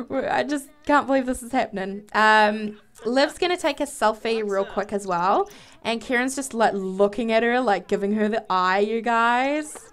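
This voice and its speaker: A woman giving casual, excitable commentary while playing a life-simulation game, giggling and exclaiming often. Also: fairly high pitch, measured pace. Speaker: let's play gamer.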